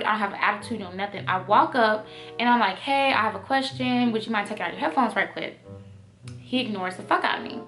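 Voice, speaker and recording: A young woman telling a storytime vlog in an animated, profane, emphatic way. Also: medium pitch. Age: young adult. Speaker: storytime vlogger.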